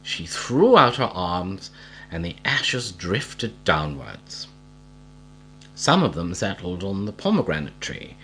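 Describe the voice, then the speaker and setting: A man reading a storybook aloud in a slow, expressive storytelling manner. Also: low voice, a little hiss or hum, low-quality recording.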